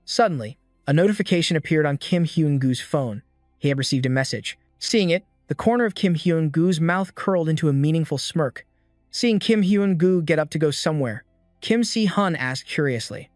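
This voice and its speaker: A man with a somewhat high voice reads a comic story recap in an even, scripted way. The sound is dry and close to the mic, and faint music plays under him. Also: moderate pace, no echo. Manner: even storytelling, reads quotes without acting them. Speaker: recap narrator.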